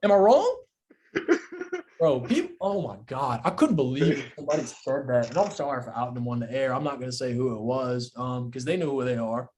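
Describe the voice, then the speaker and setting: A young man co-hosting a sports podcast in casual chat, animated and incredulous, repeating himself and swearing freely. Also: medium pitch, a little fast. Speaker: podcast co-host.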